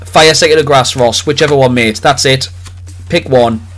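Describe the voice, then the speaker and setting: A man hosting a live card-opening stream, chatting excitedly with viewers and calling out their names. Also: mid-range voice, soft background music. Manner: excitable, jokey, rapid swings between loud cheers and quiet mutters. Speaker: livestream host opening trading cards.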